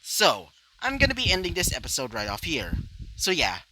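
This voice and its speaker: Rambling male storyteller, bright lively voice. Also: a little high, normal speed, slight background noise, low-quality recording. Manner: rambling, full of "you know" fillers. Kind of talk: improvised fan-fiction narration.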